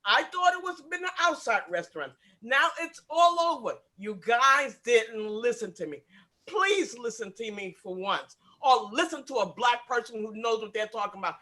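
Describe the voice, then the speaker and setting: A man's voice: very high-pitched, lively intonation, normal speed, sharp tone. A man speaking at an online meeting, emotionally upset, insistent and repeating his points. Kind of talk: impassioned remarks at an online meeting.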